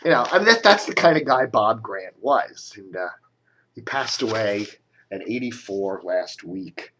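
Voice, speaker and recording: Grumbling rambling man with a lively voice. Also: lowish voice, measured pace, a little hiss or hum. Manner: grumbling, sarcastic, with coughs and restarts. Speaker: media blogger doing a video commentary. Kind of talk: casual rambling commentary.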